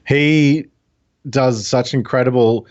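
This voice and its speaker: A man's voice: medium pitch, fairly even intonation, slow, a little mellow. A man explains his video ideas in a casual, easygoing chat, leaning on fillers as he thinks aloud. His voice sits in a mid range and comes through dull, lo-fi call audio. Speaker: guest, video creator.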